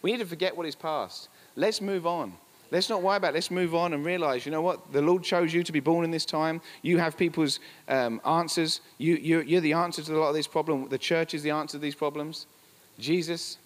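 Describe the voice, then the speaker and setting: A male pastor preaching a sermon in church, emphatic and repetitive, with chatty asides. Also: a little high. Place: church hall. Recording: reverberant church hall.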